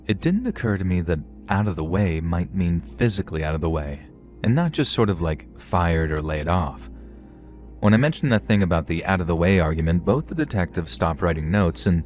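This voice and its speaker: A man reading horror stories aloud in a steady, even storytelling manner. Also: low voice. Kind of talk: scripted horror story narration.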